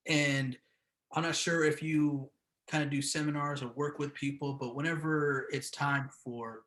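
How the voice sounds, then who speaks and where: A man's voice: a little high, steady tone, a little slow, fairly bright tone. A man hosting an interview, asking loose, rambling questions with fillers. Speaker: interview host.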